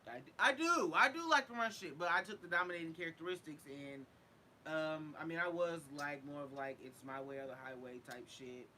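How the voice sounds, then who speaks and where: Young guy cohosting a podcast, real bright sharp voice, cusses a lot, faint hiss behind. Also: on the high side, a little fast. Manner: loud, animated, swearing freely. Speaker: podcast co-host. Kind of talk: casual chat.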